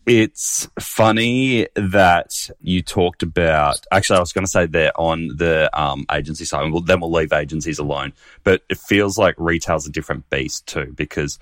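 A man, co-hosting a podcast in casual chat, laid-back and measured with the odd swear. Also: low-pitched, a bit bright, no echo, clean studio sound. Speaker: podcast co-host.

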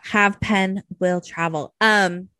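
Woman, young adult, podcast co-host, casual chat, profane, animated, dry sound. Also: mid-range voice, takes it slowly, dry recording. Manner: animated, profane, squeals for quoted voices.

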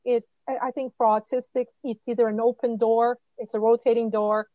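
A high-pitched woman from Quebec, telling her stories with animation and acting out quoted lines, laughing often. Her audio is dry and a little muffled, as if recorded over a remote call. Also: flat delivery, moderate pace, no echo. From Quebec, Canada. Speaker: guest. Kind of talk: casual conversational interview.

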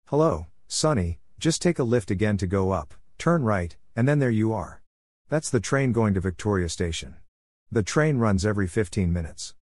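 A man's voice: on the low side, lively intonation, normal speed, darkish tone, no echo, studio quality. A man voicing a cheerful, polite female airport cleaner giving directions, in a read-aloud story. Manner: chirpy, helpful.

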